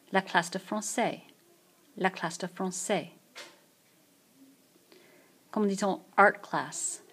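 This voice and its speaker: A woman teaching French vocabulary in a screencast, saying each phrase slowly and then repeating it. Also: mid-range voice, fairly bright tone, slightly rough. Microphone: tablet mic.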